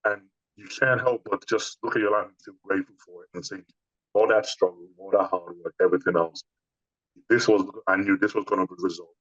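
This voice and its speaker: A bodybuilder guest with a deep voice talks briskly during an interview, telling animated stories casually and restarting often. The audio is dull, with no room sound.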